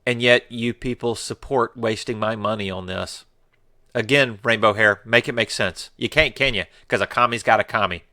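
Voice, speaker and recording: A man's voice: fairly low pitch, moderate pace, pushed and bright, no room sound, clean studio sound. A man hosting a political commentary show, combative and sarcastic, with mocking exclamations.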